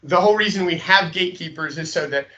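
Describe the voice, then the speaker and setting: A man's voice: sits high, fast, pushed and bright, highs cut off. A man teaching a sales training lecture, checking in often with "okay?" and demonstrating inflections.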